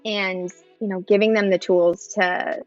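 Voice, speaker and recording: A woman's voice: medium pitch, fairly even intonation, a little slow, highs cut off, soft background music. A woman in her thirties, a mother talking on a podcast in a thoughtful way with many fillers and restarts. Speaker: podcast guest. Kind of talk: casual podcast chat.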